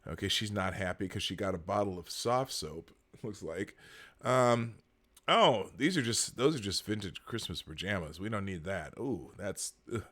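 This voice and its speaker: A man's voice: lowish voice, lively intonation, normal speed, a bit bright. A man hosting a live morning show, rambling and sarcastic as he comments, with plenty of fillers and frequent laughter. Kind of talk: casual live-stream commentary.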